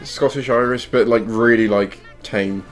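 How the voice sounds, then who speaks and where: A man from Britain chats casually as a co-host. He rambles and hesitates, and he laughs often. His pitch is middling, with faint music under his voice. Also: steady tone, a little slow. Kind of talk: casual chat.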